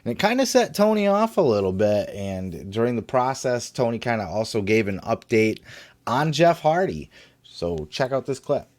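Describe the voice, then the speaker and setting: A man's voice: medium pitch, sing-song, normal speed, a little mellow. Male podcast host: blunt, profane, rambling commentary in a casual tone. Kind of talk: casual wrestling news commentary.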